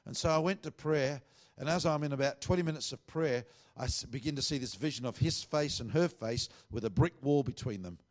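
A man's voice: mid-range voice, fairly quick, hardly any pauses. A middle-aged man, a pastor, earnestly telling a testimony and acting out the dialogue he quotes.

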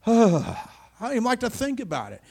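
An older man preaching a sermon, telling a personal story with dramatic swings between quiet and loud. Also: very high voice, huge pitch swings, normal speed, creaky.

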